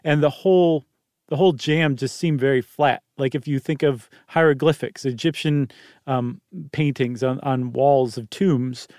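A man's voice: medium pitch, fairly even intonation, measured pace, darkish tone, no room sound. Brief: laid-back male podcast host on a studio mic, rambling explainer, dry close sound. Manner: easygoing, rambling, self-interrupting. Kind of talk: casual explanatory chat.

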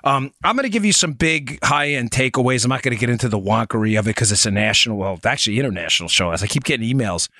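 A man's voice: mid-range voice, animated, quick pace, hardly any pauses, sharp tone, dry recording. A man hosting a political talk show, explaining points in an emphatic, digressive way and speaking straight to his listeners. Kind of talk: conversational political monologue.

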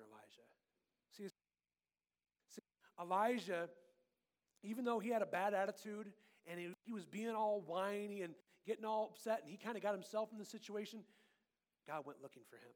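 A man giving a lively children's sermon with volunteers, playful and animated, swinging between loud bursts and hushed tones. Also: high voice. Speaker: children's pastor.

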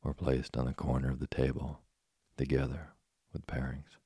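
A man narrates a storybook in a very deep, flat voice. He sounds dark, husky and gravelly. The recording is dry and close. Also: moderate pace, dry recording. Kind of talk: storybook reading.

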